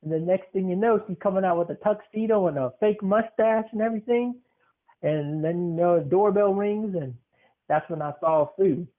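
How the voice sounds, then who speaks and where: Young male podcast host, playful teaser, higher voice, phone-quality audio. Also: moderate pace. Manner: teasing, joking storyteller. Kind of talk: casual podcast chat. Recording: tinny phone-like sound.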